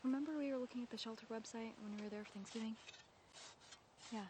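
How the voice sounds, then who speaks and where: An actress playing a young woman after a breakup who talks to her mother on the phone in a wry, halting, defensive way. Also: fairly high pitch, background noise, lightly acted. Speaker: lead character in a short film. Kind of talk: naturalistic film acting.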